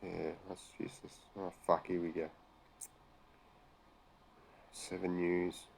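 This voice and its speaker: Deep-voiced sweary Australian man ranting. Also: flat delivery, takes it slowly, vocal fry, a little hiss or hum. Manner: sweary, sarcastic, exasperated. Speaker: commentary host. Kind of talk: profane rant reacting to news articles.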